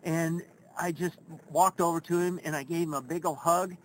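A middle-aged man, a first base coach, telling a story in an interview in a folksy, animated way and acting out his own quotes. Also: fairly high pitch, normal speed, a little hiss or hum, low-quality recording. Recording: faint background ambience.

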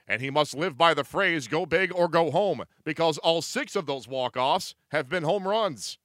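A man narrating a sports news report in a measured, scripted way. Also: a little high, lively intonation, a bit bright, dry recording. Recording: voice-over with music underneath.

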